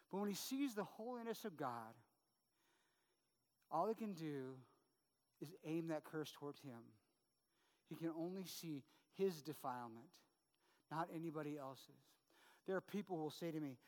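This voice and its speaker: Chatty pastor preaching in a reverberant hall. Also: male voice, high voice, animated, moderate pace. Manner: conversational, with frequent "right?" asides. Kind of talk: sermon.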